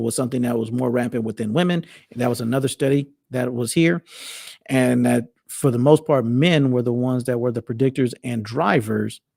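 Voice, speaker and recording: A man's voice: medium pitch, creaky, a little mellow, husky, no room sound, clean studio sound. A man hosting a show, talking in a loose, rambling way with frequent restarts. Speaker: host. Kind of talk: casual monologue.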